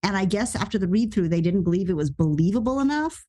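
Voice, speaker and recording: An American woman telling stories as a guest on a podcast, her voice sitting in an ordinary middle register. She talks in a casual, animated way and rushes through her anecdotes. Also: medium pitch. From United States. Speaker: actress guest.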